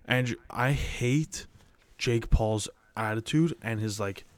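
A man's voice: medium pitch, slow, no echo. Heated, swearing young man, dry mic. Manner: heated, swears a lot, rising to loud outbursts. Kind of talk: casual chat.

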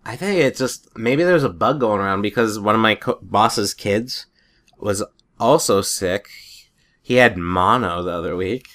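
A man's voice: lowish voice, animated, measured pace, a bit bright. A man in a casual chat, telling rambling stories and chuckling often.

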